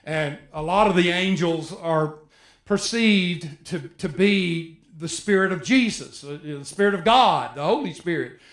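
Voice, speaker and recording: A man preaching a sermon, animated, acting out biblical voices with rising emphasis. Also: high voice, unhurried, reverberant.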